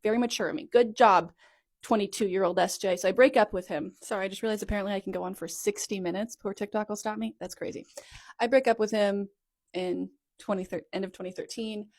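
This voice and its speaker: A woman in her thirties talks straight into her phone at home in a relaxed storytime style. She rambles and circles back, fills her sentences with "like," and corrects herself as she goes. Her pitch sits in a middle range for a woman. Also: fast talker. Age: 30s. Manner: rambling and chatty, full of "like" asides and self-corrections. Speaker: content creator telling her life story. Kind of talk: casual storytime monologue.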